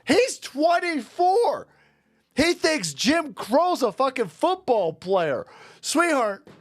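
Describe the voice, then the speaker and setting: A man's voice: very high-pitched, big pitch swings, slow pace, no room sound. A man giving a ranting commentary vlog, angry and sarcastic, swearing and laughing mockingly as he talks. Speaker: online commentator.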